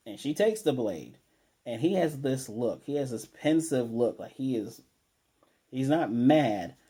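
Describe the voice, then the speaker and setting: Guy rambling thru an anime recap, mellow dark voice, keeps restarting. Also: medium pitch, unhurried, breathy edge. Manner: rambling recap with restarts, quoting lines in a flat voice. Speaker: anime reviewer. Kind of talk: casual episode recap.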